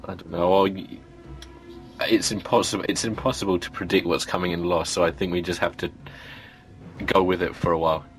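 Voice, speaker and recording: Very deep-voiced man chatting casually. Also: little pitch movement, a little fast. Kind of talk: casual chat about a TV show.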